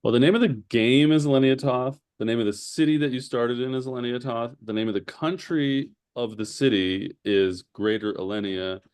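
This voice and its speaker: A man's voice: medium pitch, moderate pace, few pauses, a little mellow, clear, resonant tone, no room sound. A man running a tabletop game as game master, explaining the world to his players in a matter-of-fact way.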